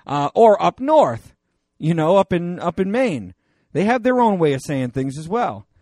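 Animated, higher-voiced male preacher. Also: measured pace, dry recording. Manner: animated and digressive, with many fillers and restarts. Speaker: pastor. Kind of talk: conversational sermon.

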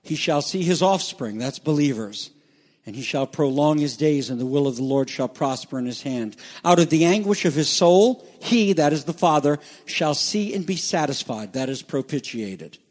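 A man preaching a sermon with a somewhat high voice, swinging from loud, ringing declarations to near-whispered lines. A long hall reverb trails every phrase. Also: expressive, normal speed. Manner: dramatic, swings from loud to hushed. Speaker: pastor.

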